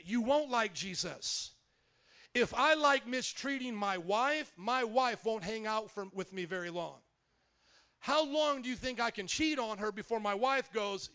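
A man preaching a sermon as pastor, emphatic and at times shouting. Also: very high-pitched.

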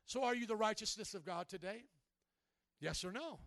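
A male pastor delivers a sermon in a high, impassioned voice. He presses the congregation with direct questions. The sound is dry, with no reverb. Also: moderate pace, fairly bright tone.

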